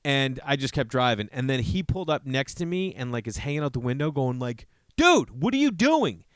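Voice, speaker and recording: A man's voice: fairly quick, smooth, dry recording. A man hosting a podcast, telling rambling comedic stories with lots of swearing and acting out other people's lines. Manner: animated, profane, acts out quotes in a higher voice. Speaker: podcast host.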